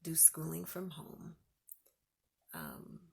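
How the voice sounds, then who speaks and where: A woman hosting a faith-based podcast, who speaks like a parent and tells everyday stories conversationally, sometimes dropping to a soft whisper for emphasis. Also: low voice, wildly swooping pitch, very slow, vocal fry, husky. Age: adult with children. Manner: uses everyday examples and asks the listener to picture them. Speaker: podcast host. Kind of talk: faith-based encouragement talk.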